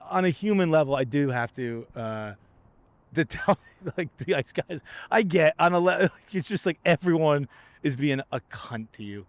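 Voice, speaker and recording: A man's voice: a little high, no echo. Guy rambling thru a funny story, swears a lot, laughs at his own stuff, dry sound. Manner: rambling, profane, laughs through stories. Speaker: podcast host. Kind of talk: casual comedic monologue. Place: outdoors by a lighthouse.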